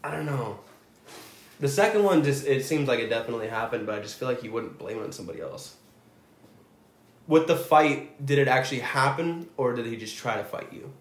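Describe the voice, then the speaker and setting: A man's voice: mid-range voice, expressive, fairly quick. A man chatting casually on a podcast with teasing, laid-back banter. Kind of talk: casual chat. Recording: roomy echo.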